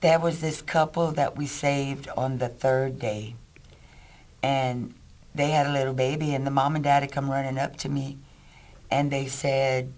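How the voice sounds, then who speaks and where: Gravelly man telling a story. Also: medium pitch, measured pace. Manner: lively storyteller. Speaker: volunteer rescuer. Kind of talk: interview storytelling.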